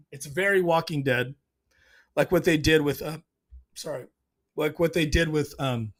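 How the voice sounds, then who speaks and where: A man hosting his own show, recapping a TV episode in a rambling, emotional way, often clearing his throat. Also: a little high. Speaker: show host.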